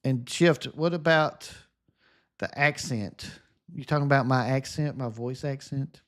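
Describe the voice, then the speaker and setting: A man's voice: mid-range voice, measured pace. A man with a Southern US accent, a gaming streamer in casual, upbeat chat, answering viewer comments in a sunny, relaxing voice.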